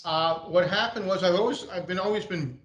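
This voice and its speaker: A man's voice: sits high, a little fast, a bit bright, echoey room, lo-fi sound. A middle-aged American man casually telling a rambling anecdote on a video call. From USA. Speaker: guest speaker, race car designer. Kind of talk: relaxed storytelling Q&A.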